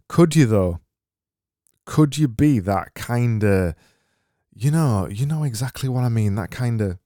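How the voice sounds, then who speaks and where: A man with a Yorkshire accent hosts a casual solo podcast, reading listener messages in a dry, sarcastic, rambling style. His mid-range voice is warm and animated, a little slow, with soft music underneath. He's on a studio mic running through a mixer.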